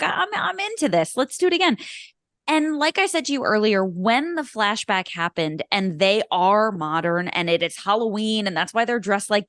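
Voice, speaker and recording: A woman's voice: medium pitch, a bit bright, no room sound, clean studio sound. A young woman co-hosting a podcast in casual chat, talking in a gushing, emotional way with many restarts. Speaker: podcast co-host.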